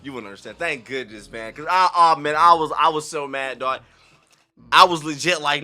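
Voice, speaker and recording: A man hosting a reaction video, talking in an animated, slangy, excitable way. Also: a little high, brisk, faint music behind. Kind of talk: casual reaction commentary.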